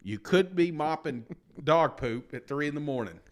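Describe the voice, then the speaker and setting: A man's voice: on the high side, animated, a little slow. A man, tired after a sleepless night, co-hosting a podcast and telling a long, rambling, self-deprecating story in casual chat. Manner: rambling, self-deprecating, peppered with "you know what I'm saying". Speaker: podcast co-host.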